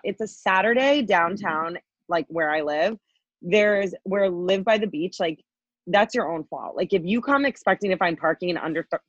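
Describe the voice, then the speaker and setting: A woman's voice: medium pitch, no room sound. A young woman co-hosting a podcast, venting in a heated, profane ramble packed with "like" fillers. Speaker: podcast co-host. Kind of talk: casual chat, venting story. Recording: dull lo-fi dry podcast audio.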